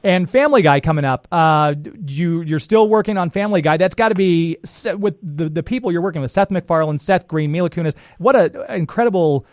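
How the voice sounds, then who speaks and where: A man's voice: on the high side, brisk, hardly any pauses, no room sound, studio quality. A man with a Scottish accent who hosts a radio interview, asking long, enthusiastic questions. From Scotland. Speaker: radio host.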